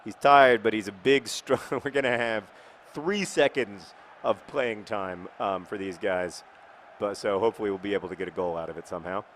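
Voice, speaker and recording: A man's voice: lowish voice, fairly even intonation, moderate pace, a bit bright, slight background noise. Rambling, wry man commenting a game. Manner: rambling, wry, mock-outraged asides. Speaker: video game player and commentator. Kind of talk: casual let's-play commentary.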